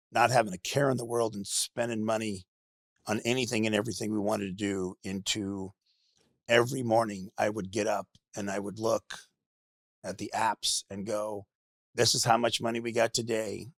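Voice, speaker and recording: A middle-aged man with a low, gravelly voice tells his story in halting bursts, repeating words as he restarts. The sound is close and dry with no room around it. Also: fairly bright tone, dry recording. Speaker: podcast guest. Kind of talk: candid personal storytelling.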